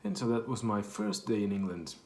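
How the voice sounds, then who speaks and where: This is a man from Portugal, speaking with a Portuguese accent as he wanders through a casual story and keeps correcting himself. He talks fairly quickly in a lowish, slightly mellow voice, and the room is echoey.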